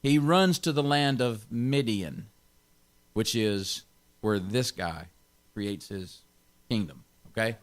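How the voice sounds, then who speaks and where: A man's voice: fairly low pitch, slow pace, long pauses. A man pastor giving an informal Bible teaching, stressing key words and chuckling often.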